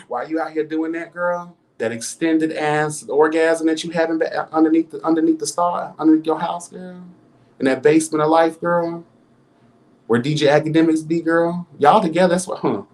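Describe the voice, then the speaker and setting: A man's voice: on the high side, fairly even intonation, moderate pace. A man giving celebrity gossip commentary in a vlog. He talks in a sassy, campy, dramatic way and keeps throwing in exclamations. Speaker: commentary vlogger.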